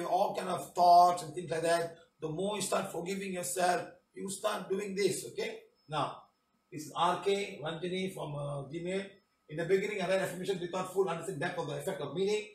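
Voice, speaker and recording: A man's voice: sits high, distant mic, slight background noise. Preachy Malaysian-accented man, echoey room. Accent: Malaysian English. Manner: emphatic, preachy, tag questions. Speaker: spiritual healing teacher. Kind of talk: reading and commenting on testimonials.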